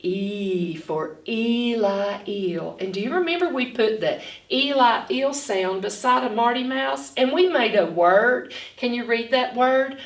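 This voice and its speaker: A woman reading a storybook aloud and then teaching phonics to children, animated and gasping, speaking slowly and clearly. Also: a little high. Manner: animated, with dramatic gasps, slow and clearly spoken. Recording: echoey room, far from the mic.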